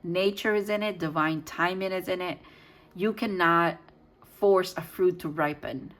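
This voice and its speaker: Lower-voiced woman giving a rambling tarot reading. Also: unhurried, rough recording. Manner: rambling and self-correcting, thinks out loud; frequent soft laughter. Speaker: tarot reader. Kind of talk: casual tarot reading to viewers.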